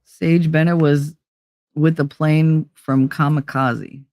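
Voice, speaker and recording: A woman's voice: deep voice, steady tone, takes it slowly, a little mellow, dry recording, clean studio sound. A middle-aged woman hosting a casual live stream, talking candidly and profanely, laughing often and acting out voices of people she quotes. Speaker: livestream host.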